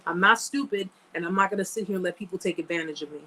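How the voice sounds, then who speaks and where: A woman's voice: on the low side, steady tone, racing, slight background noise, rough recording. A woman hosting a live chat, talking casually and emphatically to viewers, repeating phrases for effect and thanking them by name. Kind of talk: casual livestream talk to viewers.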